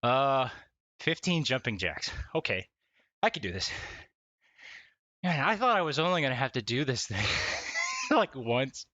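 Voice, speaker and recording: Excitable, laughing man streaming from home. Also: mid-range voice, moderate pace, pauses often, no echo, lo-fi sound. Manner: laughing often, swearing, excitable. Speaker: livestreamer. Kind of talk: casual live-stream chat. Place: home room at a desk. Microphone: desk mic, wearing wired headphones.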